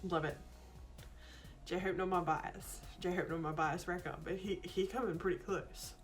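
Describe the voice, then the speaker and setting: A woman filming a casual reaction video, gushing and excitable, often joking at her own expense. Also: lowish voice, a little slow. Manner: gushing, excitable, self-mocking. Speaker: YouTube reactor. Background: faint music from the video she is watching.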